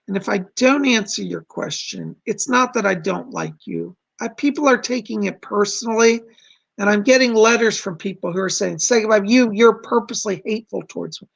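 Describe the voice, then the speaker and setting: A man hosting a psychic livestream in a casual, chatty way, earnest and quick to laugh. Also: high voice, gravelly, a bit bright, slightly rough.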